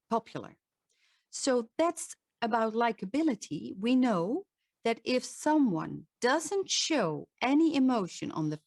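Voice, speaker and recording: A woman's voice: medium pitch, no echo, studio quality. A woman, a voice and presentation coach, giving an earnest talk with demonstrations and frequent restarts. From Netherlands.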